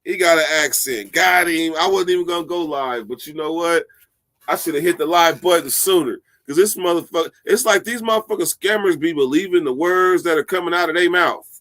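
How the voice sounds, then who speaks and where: A man with a slightly higher voice hosts a casual live stream, chatting to viewers. His stories come out loose, profane and animated, with laughs mixed in. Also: a little fast.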